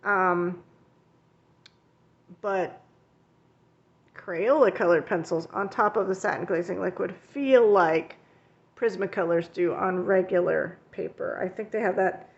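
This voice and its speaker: A woman's voice: fairly low pitch, unhurried, creaky, pauses often. Chatty woman in a muffled recording. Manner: chatty and rambling, with frequent fillers and self-corrections. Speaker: coloring channel host; art teacher. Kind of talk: casual show-and-tell vlog.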